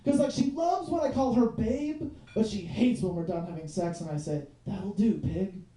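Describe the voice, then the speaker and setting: A man's voice: very high voice, very animated, moderate pace, warm tone. A young man performing stand-up comedy in a small club, loose and profane, padding his jokes with fillers like "you know what I mean". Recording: echoey club from a distance.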